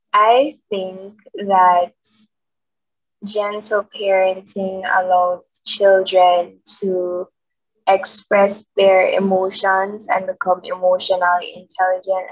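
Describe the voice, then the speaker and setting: Young woman student, flat steady delivery, dull call sound. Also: medium pitch, dry recording. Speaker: student participant. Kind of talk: discussion contribution. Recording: muffled video call audio.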